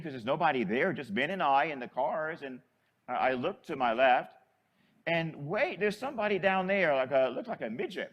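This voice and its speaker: Older male priest, high voice, animated storytelling, chatty sermon.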